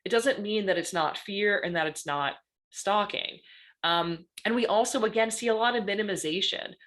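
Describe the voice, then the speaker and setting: A woman gives a presentation as a guest speaker. She talks in a lively, conversational way and keeps checking in with her listeners by asking "right?" after her points. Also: mid-range voice, normal speed. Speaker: guest panelist on stalking. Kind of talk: presentation talk.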